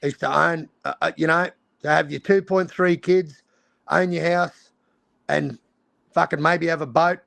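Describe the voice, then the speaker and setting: Brief: Australian man, high and gravelly voice, ranting and swearing. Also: fairly even intonation, measured pace, fairly bright tone, dry recording. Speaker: stream host. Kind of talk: casual chat.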